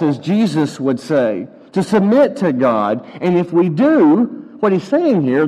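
A man preaching a sermon to a church congregation, measured and unhurried, stretching out words for emphasis. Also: a little high, a little mellow, big-room sound, low-quality recording. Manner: measured, with slow drawn-out emphasis. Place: church sanctuary.

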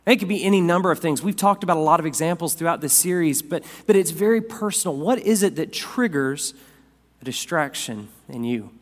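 A man's voice: on the high side, expressive, fairly quick. Dynamic male preacher in a reverberant hall. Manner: dynamic preacher, rising loud then dropping soft. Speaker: pastor. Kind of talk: sermon. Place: church sanctuary.

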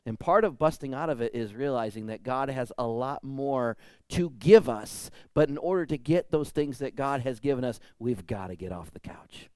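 Male pastor, conversational sermon, animated storytelling, dry close sound. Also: medium pitch, moderate pace, hardly any pauses, clean tone, no room sound.

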